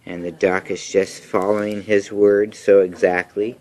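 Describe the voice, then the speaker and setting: A man reading a picture book aloud to a child at home, in a slow, gentle storytelling manner. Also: lowish voice, flat delivery.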